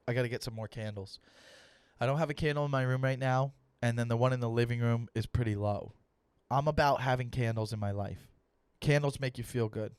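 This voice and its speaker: A young man, a comedian hosting his own podcast, ranting loudly in a mock-serious way and swearing for emphasis. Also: mid-range voice, clear, resonant tone, dry recording. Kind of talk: solo comedic rant.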